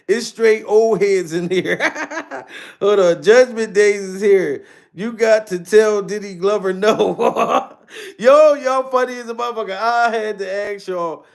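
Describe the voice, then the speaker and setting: A man's voice: high voice, slow pace, gravelly. A man hosting a casual livestream, chatting with viewers in slangy talk and laughing often. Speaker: livestream host reading chat.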